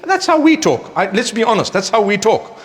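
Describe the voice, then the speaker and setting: A man preaching a conversational sermon, giving gentle advice and acting out the voices of people he describes. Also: high-pitched, brisk. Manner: animated, acts out quoted speakers; recites scripture in melodic chant. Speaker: Islamic preacher.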